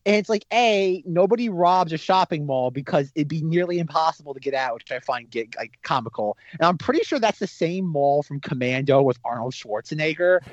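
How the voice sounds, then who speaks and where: A man chatting casually about a film, animated and sarcastic, with lots of "like". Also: fairly high pitch, a little fast, hardly any pauses, no echo, dull audio. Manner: animated, sarcastic, heavy use of "like". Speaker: podcast co-host. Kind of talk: casual film review chat.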